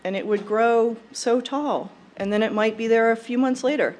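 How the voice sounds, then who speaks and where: A young woman delivering a prepared eulogy at a funeral service, in a warm, fond and measured way. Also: a little high, slight background noise. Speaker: eulogy speaker.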